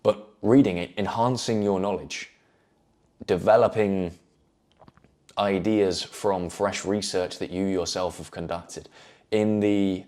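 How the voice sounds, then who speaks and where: Low-pitched male host, earnest motivational talk, measured delivery. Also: darkish tone. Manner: earnest, measured, repeats phrases for emphasis. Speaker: self-improvement video host.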